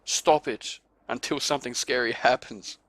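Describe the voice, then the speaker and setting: A man's voice: mid-range voice, normal speed, no echo. A man chatting on a gaming podcast, telling stories with lots of swearing and acted-out reactions from his friends. His voice sits in the middle of the range and sounds dry and close to the mic, with no room around it. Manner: animated storyteller, swears, acts out friends' reactions. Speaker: podcast host. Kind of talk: casual chat.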